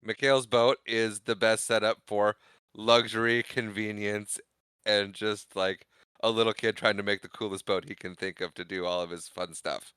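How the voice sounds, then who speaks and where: A man with a bright, forceful voice, fairly low in pitch, co-hosts a movie podcast. He recaps scenes in an animated, joking way, and his speech sounds smooth and crisp. The recording is dry and close. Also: moderate pace, dry recording. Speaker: podcast co-host. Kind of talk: casual movie recap chat.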